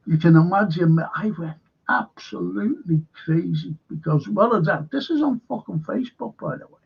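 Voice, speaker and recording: Male host, gravelly and fairly high-pitched, rambling angry monologue. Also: normal speed, highs cut off. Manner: indignant, rambling, heavy swearing.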